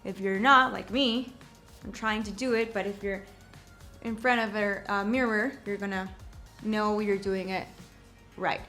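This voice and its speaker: Slow-talking young woman giving a how-to. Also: mid-range voice, steady tone, pushed and bright, faint music behind. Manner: slow, repeats words and checks in with "okay?". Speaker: shapewear presenter. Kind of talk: casual how-to demonstration.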